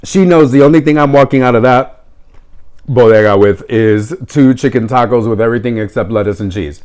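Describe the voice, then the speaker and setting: A man telling a story in a casual, wry way, with sarcastic, deadpan asides. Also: mid-range voice, brisk. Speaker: vlogger.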